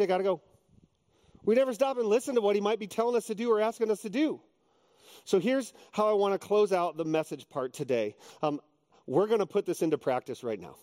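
A middle-aged man preaching a sermon as pastor, earnest and animated, moving between quiet reflection and emphatic exhortation. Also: sits high.

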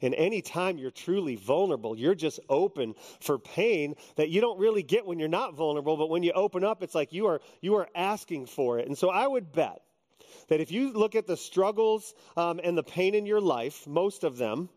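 Man, fifties, pastor preaching, joking conversational delivery, higher voice, echoing hall. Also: expressive, moderate pace, darkish tone. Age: 50s. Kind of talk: sermon.

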